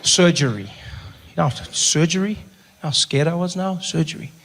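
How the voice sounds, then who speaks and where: Animated South African man doing stand-up. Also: on the high side, normal speed, some chatter behind. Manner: animated, acts out characters with voice shifts. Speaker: stand-up comedian. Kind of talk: stand-up comedy storytelling.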